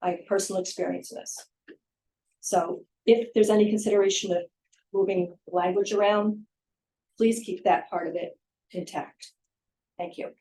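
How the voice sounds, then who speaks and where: A woman's voice: medium pitch, steady tone, normal speed, long pauses, dark tone, rough recording. A woman giving public comment at a town hearing, direct and firm. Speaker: resident speaking at public hearing.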